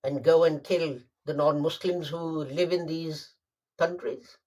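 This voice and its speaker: A man delivering a Friday sermon, emphatic and deliberate, repeating phrases for stress. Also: fairly high pitch, steady tone, a little mellow. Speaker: preacher.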